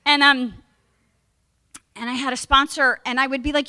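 A woman's voice: high-pitched, steady tone, unhurried, pauses often, bright, forceful tone. A middle-aged woman giving a candid personal testimony at a recovery meeting, emphatic and frank. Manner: candid, emphatic, acts out her past self in raised voice.

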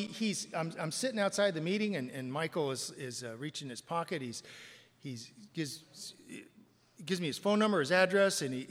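Wry bright-voiced man in a reverberant hall. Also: on the high side. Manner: wry, self-mocking storyteller who swings from quiet to loud. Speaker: speaker sharing his recovery story. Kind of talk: personal testimony to a live audience.

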